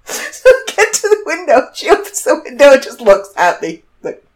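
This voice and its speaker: A middle-aged woman telling a story in casual chat, animated and laughing as she acts out the other people. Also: high-pitched, moderate pace. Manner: animated, laughs through her story, quotes others in shifting voices. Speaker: vlogger.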